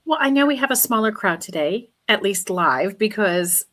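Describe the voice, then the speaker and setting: A woman hosting a faith live stream on a video call, announcing a book and devotions in a measured way. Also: medium pitch, lively intonation, a bit bright. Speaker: host, publisher.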